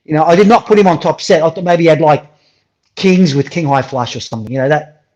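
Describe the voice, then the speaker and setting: Middle-aged man, lively storyteller with salty language, muffled remote-call audio. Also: on the high side, fast. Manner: animated storyteller, swears freely. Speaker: guest. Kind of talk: casual interview over a call.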